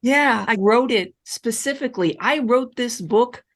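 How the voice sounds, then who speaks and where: A woman relationship coach answering audience questions in a live online session, speaking emphatically and repeating key reassurances. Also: a little slow. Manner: animated, with wide swings in pitch.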